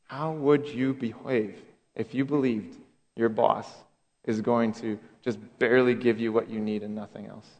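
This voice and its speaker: A man preaching a sermon as pastor, conversational, with sudden drops to a hush and bursts of emphasis. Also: mid-range voice, fairly even intonation, a little slow, lo-fi sound. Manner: conversational, dramatic swings in loudness. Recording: echoey hall.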